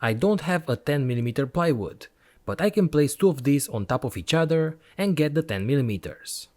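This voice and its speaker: A man's voice: a little high, lively intonation, brisk, darkish tone. A man hosting an electronics channel, narrating a product review voice-over in an enthusiastic, step-by-step explanatory way.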